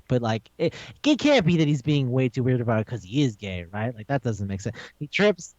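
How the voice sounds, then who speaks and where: A man on a podcast casually recapping an anime episode, animated and swearing a lot, acting out the characters' lines. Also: mid-range voice, a little fast, few pauses, dry recording, muffled recording. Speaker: podcast co-host.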